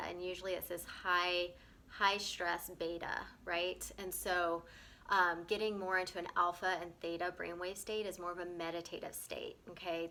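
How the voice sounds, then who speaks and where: A woman teaching a gentle breathwork lesson, often pausing to check in with "okay?" and repeating words as she explains. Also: fairly low pitch, slight background noise.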